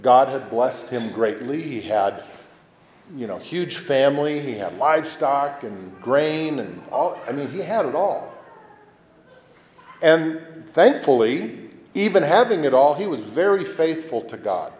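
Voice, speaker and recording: A male priest gives a homily in a relaxed, conversational way, breaking into lively acted-out voices. His voice sits at an ordinary pitch. The sound is echoey, with a long reverb that rings through a large church. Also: unhurried. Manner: conversational, animated, acts out quoted voices.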